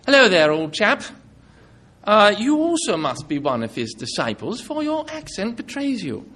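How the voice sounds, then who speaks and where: A stiff, posh London gentleman, as a male preacher puts him on, speaks with a put-on upper-class English accent in a raised, thinner voice. His manner is clipped and prim. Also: high-pitched, huge pitch swings, normal speed, voice pushed up, heavily acted. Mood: accusing. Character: posh London bystander, adult man, prim.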